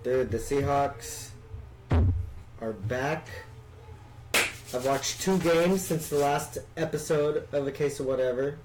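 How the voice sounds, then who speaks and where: A man's voice: mid-range voice, slow pace, long pauses, music in the background, poor audio. A man chatting casually about football results, often unsure of the details. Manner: easygoing, hedging recaps. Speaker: podcast co-host. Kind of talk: casual chat about sports.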